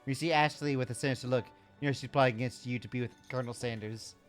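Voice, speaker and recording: A game master narrating a live-streamed tabletop game in a low, dramatic storybook manner. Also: steady tone, fast talker, soft background music.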